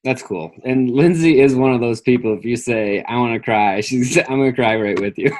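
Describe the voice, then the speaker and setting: Relaxed man interviewing a new hire. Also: mid-range voice, a little hiss or hum. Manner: relaxed, conversational, wry. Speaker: interviewer, company staff. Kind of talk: casual interview.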